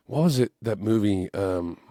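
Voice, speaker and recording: A man's voice: lowish voice, animated, moderate pace, warm tone, dry recording, clean studio sound. A man in his forties, a musician guest on a podcast, telling stories casually, acting out voices and swearing freely. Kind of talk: casual storytelling chat.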